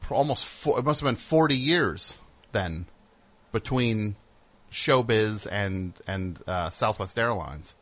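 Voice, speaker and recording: Deadpan male radio host. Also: fairly low pitch, slow. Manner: deadpan, probing, sometimes exasperated. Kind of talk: comedy radio call-in banter.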